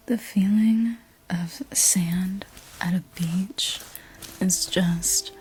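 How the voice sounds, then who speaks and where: A woman's voice: mid-range voice, fairly even intonation, very slow, darkish tone. A young woman telling a personal story in a whispered ASMR voice, casual and rambling, with the odd swear word. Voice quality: unvoiced whisper. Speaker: ASMR creator.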